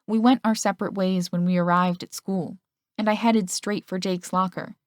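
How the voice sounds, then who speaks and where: A woman's voice: fairly even intonation, normal speed, dry recording, studio quality. A woman reading a first-person audiobook, giving the characters' lines small shifts of voice. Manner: reads male and female characters' lines with shifts in pitch. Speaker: audiobook narrator.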